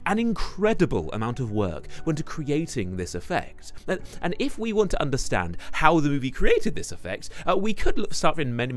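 Male essayist, animated and chatty, slightly high voice. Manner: animated, conversational with fillers. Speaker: video essayist. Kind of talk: video essay narration.

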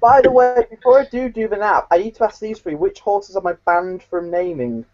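Lively woman protesting playfully. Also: medium pitch, fairly quick, a loud crowd. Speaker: panelist. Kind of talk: casual panel chat. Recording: muffled audio with faint hiss.

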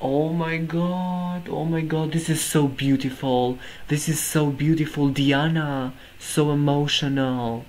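A man's voice: fairly high pitch, steady tone, unhurried, hardly any pauses, a little mellow, poor audio. A man hosting a music reaction video, gushing over the performance and exclaiming over and over in amazement. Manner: effusive, keeps exclaiming "oh my god". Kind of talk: reaction commentary.

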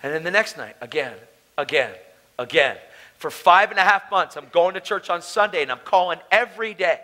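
A man's voice: high-pitched, expressive, moderate pace, sharp tone. A man preaching a testimony at a conference, telling his story in a casual, slangy way. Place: conference hall.

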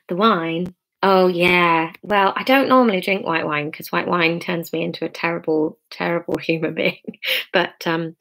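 Woman, author reading aloud, home live stream, lively storyteller, chatty asides. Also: on the low side. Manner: lively storyteller, laughs at her own slips. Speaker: author reading her own book.

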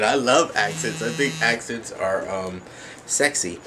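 A male vlogger with a very low, deep voice, gushing his thanks in a loose, chatty way. He sits at home and fills his pauses with ums and likes. There is a faint hum of noise behind him. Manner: gushing, grateful, chatty with many fillers. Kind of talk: casual thank-you vlog. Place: at home, sitting.

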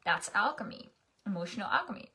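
A woman's voice: mid-range voice, sing-song, fast, pushed and bright, husky. A young adult woman coaching in a casual, chatty monologue, often restarting and asking "right?".

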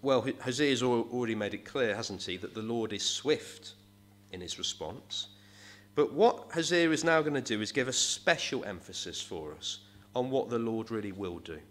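A man's voice: medium pitch, fairly bright tone. A man preaching a sermon in an earnest way, often tagging his points with rhetorical questions.

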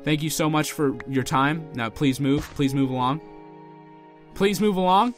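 A man's voice: a little high, a little slow, soft background music. A man giving let's play commentary as a channel host, pleading, exasperated and melodramatic.

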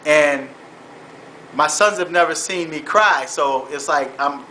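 A man with a fairly high, forceful voice tells his story in an earnest, halting way, often repeating words and saying "man". It is a personal vlog that shifts toward faith-based exhortation. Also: slight background noise, low-quality recording. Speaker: vlogger.

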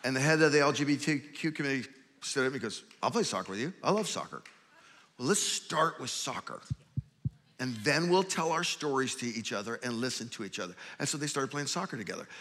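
Man, pastor, panel moderator, earnest, bright tone, long hall reverb. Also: medium pitch, expressive, fairly quick, a little hiss or hum. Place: large church hall.

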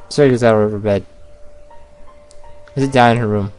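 A man's voice: fairly low pitch, steady tone, moderate pace, pauses often, darkish tone, faint music behind. A man playing a visual novel on video, reading its narration and dialogue aloud and breaking off to react and joke. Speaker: let's play gamer.

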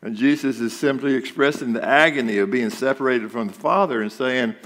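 A man's voice: medium pitch, a little fast, fairly bright tone, in a large hall. A male pastor giving a sermon, talking conversationally and asking the congregation rhetorical questions. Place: church sanctuary.

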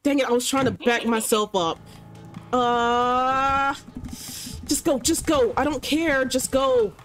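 A woman gamer doing let's-play commentary at a desk mic, excitable, yelling commands at the game and bantering in casual slang. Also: sits high, slow, faint music behind.

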